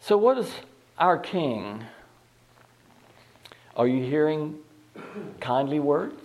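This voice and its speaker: Higher-voiced man preaching a sermon. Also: very animated, slow, darkish tone. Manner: reads scripture aloud and asks the listeners questions; repeats words and restarts phrases. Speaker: pastor.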